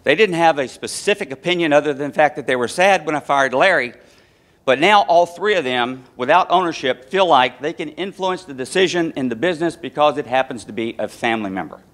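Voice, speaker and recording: A man's voice: a little high, expressive, brisk, fairly bright tone. A man giving a business presentation, explaining his points through a family anecdote and laying them out in numbered steps. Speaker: conference speaker.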